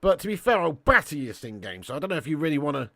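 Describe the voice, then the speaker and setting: A man's voice: fairly high pitch, big pitch swings, fast talker, vocal fry, bright, forceful tone, no echo, studio quality. A young man hosting a casual live watch-along, reading chat and bantering with viewers as lad and mate.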